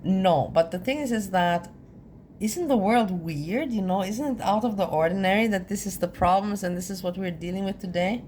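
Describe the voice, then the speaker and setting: A woman's voice: medium pitch, darkish tone. A woman speaking English as a second language, giving a wry, laughing casual commentary on a clip. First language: not English. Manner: wry, laughs often, explains things slowly. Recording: faint ambient noise.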